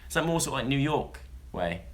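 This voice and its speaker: A man's voice: mid-range voice, sing-song, brisk. A young man, chatting casually as he reads odd news stories to viewers, jokey and rambling. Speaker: vlogger. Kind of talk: casual chat, reading news stories to a live audience.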